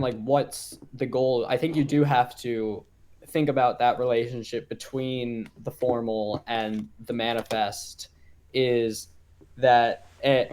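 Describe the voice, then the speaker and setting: Man, medium pitch, guest, casual philosophy talk, halting, frequent restarts. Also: a little mellow. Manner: halting, restarts often while gathering thoughts. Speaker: podcast guest.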